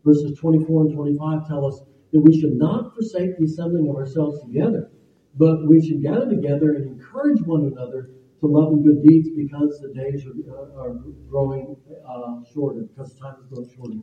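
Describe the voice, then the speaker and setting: Older pastor preaching, echoey and tinny. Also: male voice, a little high, steady tone, fairly quick, far from the mic. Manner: storytelling with fillers and restarts. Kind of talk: sermon. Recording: echoey phone-like room sound from afar.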